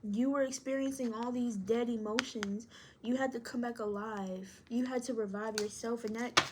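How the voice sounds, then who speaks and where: A woman's voice: fairly high pitch, steady tone, moderate pace, noisy background. A woman reading tarot to camera, encouraging and speaking straight to the viewer, thinking aloud as she pulls cards. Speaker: tarot reader.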